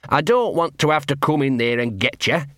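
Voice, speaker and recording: A man's voice: a little high, expressive, brisk, fairly bright tone, no echo, studio quality, voice pushed up. Man doing a rambling, nervous scruffy dog. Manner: rambling, ungrammatical street talk, repeats himself.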